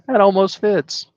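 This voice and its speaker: A man speaks slowly and haltingly, restarting his sentences and chuckling. His voice sits mid-range. The sound is dull and dry, like a call line. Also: high voice, darkish tone, no room sound. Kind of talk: casual storytelling chat.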